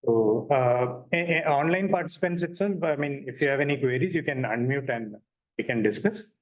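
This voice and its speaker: A man presenting a technical lecture in a hall to an audience, talking haltingly with many fillers. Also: mid-range voice. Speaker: workshop presenter.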